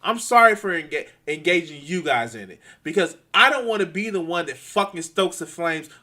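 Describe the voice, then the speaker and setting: A man ranting angrily to his viewers, swearing a lot, stumbling over restarts and swinging between quiet and loud. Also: fairly high pitch, lively intonation. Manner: profane, halting, many restarts. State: angry and frustrated. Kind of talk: angry unscripted rant.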